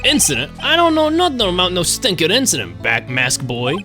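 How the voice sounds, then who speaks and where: Guy putting on a loud tough-guy thug, growly, game music behind. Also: sits high, huge pitch swings, a little fast. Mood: aggressive. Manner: growling Brooklyn-style tough talk. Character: loud brash male thug, hot-tempered.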